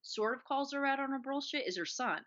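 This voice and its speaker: A woman's voice: high voice, fairly quick, fairly bright tone. A woman co-hosting a casual movie review chat, animatedly acting out the characters' lines. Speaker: podcast co-host. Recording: dull lo-fi sound.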